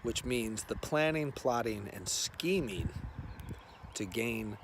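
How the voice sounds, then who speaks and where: A man's voice: medium pitch, lively intonation, slow pace, background noise. Rambling man talking on a ride. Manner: rambling, playful, drifts to near-whispers. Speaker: vlogger. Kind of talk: casual monologue. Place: in a vehicle on a ride-along.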